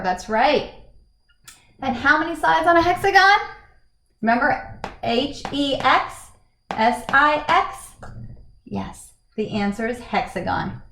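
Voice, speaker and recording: A woman teacher giving a slow, encouraging lesson to children from her home, asking them questions in a sing-song way. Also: sits high, fairly bright tone. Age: adult, married with a young son. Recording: echoey room.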